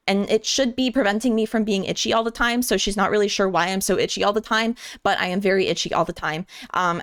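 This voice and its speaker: A woman streamer telling a story casually to her chat, animated, repeating words and acting out what others said. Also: lowish voice, dry recording, studio quality. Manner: animated, restarts and repeats words, acts out quotes.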